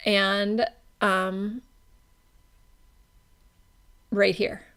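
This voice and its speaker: Woman lecturing, gravelly voice. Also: mid-range voice, flat delivery, very slow, fairly bright tone. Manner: casual, conversational, self-correcting. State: has the hiccups. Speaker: pharmacology instructor. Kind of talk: classroom lecture.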